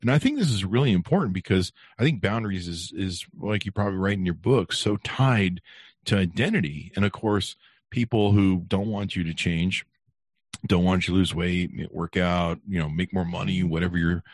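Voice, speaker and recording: A man in his fifties hosts a podcast interview with a very low, deep voice. He talks casually, stalls and repeats words while he gathers his thoughts. The sound is dry and close, with no room echo. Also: normal speed. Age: 50s. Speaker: podcast host.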